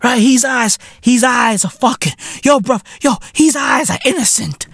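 A man with a South African accent, hosting a comedy show, delivering a profane, animated rant in heavy slang with shouted bursts. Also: very high-pitched, measured pace, no echo, clean studio sound. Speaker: comedy podcast host.

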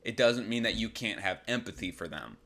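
A man's voice: lowish voice, lively intonation, brisk, bright, forceful tone. A young man hosting a comedy advice podcast, reading listener questions and ranting back in disbelief with rhetorical questions. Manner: incredulous, exasperated rants with rhetorical questions.

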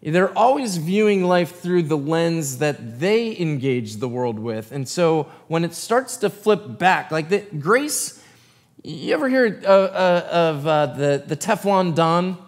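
A man's voice: on the high side, animated, takes it slowly, long reverb tail. A man preaching a sermon as pastor. He reads scripture aloud and then breaks into loose, conversational asides. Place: church sanctuary.

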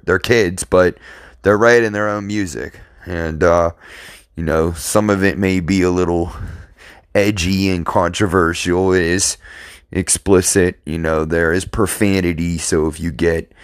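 Low, slow-talking tired man. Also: dry recording, clean studio sound. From Pittsburgh, Pennsylvania. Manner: laid-back, rambling with fillers. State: tired, yawning. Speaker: podcast host and rapper. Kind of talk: casual podcast monologue.

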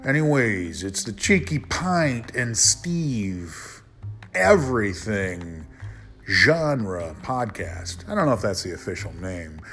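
A man's voice: on the low side, sing-song, slow, a bit bright, soft background music. A man hosting a casual solo podcast, rambling and frank, swearing when he gets worked up. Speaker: podcast host.

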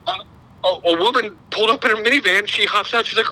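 A man's voice: high voice, quick pace, pushed and bright, rough recording. A middle-aged man, telling a long, rambling, self-deprecating story in casual podcast chat. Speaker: podcast co-host.

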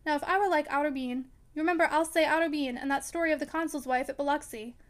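A woman's voice: sits high, fast talker, close to an everyday voice. A woman reading the part of an impulsive, charming young man who turns heated and emphatic in a storybook. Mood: impatient.

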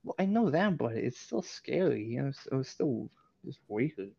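A man's voice: mid-range voice, sing-song, moderate pace, vocal fry, dark tone, no echo. A man in casual chat, joking and rambling, often repeating his words as he stumbles along. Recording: slightly dull, dry recording.

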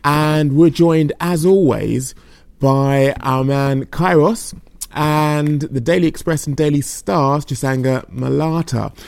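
A man hosting a casual podcast, chatty and a little tired, with a relaxed, self-deprecating manner. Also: on the high side, slow, creaky, clean tone, no room sound. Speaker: podcast host.

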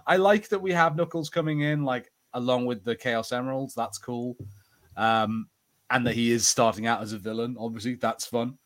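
A man's voice: medium pitch, moderate pace. Chatty man co-hosting a podcast. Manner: chatty, laughs often, hesitant ums. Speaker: podcast co-host. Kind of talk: casual podcast chat.

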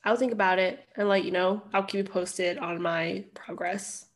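A woman's voice: lowish voice, steady tone, moderate pace. A woman co-hosting a podcast in casual chat, answering in short, playful replies. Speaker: podcast co-host.

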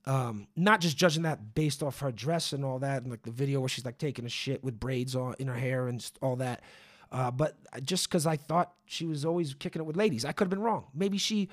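A man hosts a podcast by himself, a little high in pitch. He rambles and swears, stacking fillers and asides. He has been hiccuping for days. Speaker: podcast host. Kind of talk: casual solo podcast monologue.

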